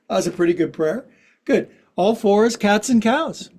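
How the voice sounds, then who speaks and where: A man's voice: sits high, lively intonation, normal speed, a little mellow, slightly rough. A man in his sixties leading a guided yoga class, giving instructions in a playful, joking, chatty way. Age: 60s. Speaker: yoga teacher.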